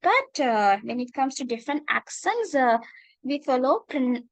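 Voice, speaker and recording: A woman's voice: sits high, sing-song, a little slow, no echo, low-quality recording. Sri Lankan woman teaching a patient online class. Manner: patient, calls students darling and dear, many filler "uh"s. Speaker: English teacher. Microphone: video call.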